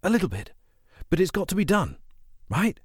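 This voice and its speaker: A man voicing a twelve-year-old orphan girl in a storybook reading, eager and kind, with a breathy, hushed manner. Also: high-pitched, very animated, quick pace, dry recording, clean studio sound, voice pushed up, exaggerated voice.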